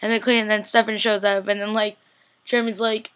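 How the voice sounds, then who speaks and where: A woman's voice: mid-range voice, level tone, fast, a bit bright. A young woman casually recapping a TV episode, chatty and slangy, acting out the characters' lines. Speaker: TV recap vlogger.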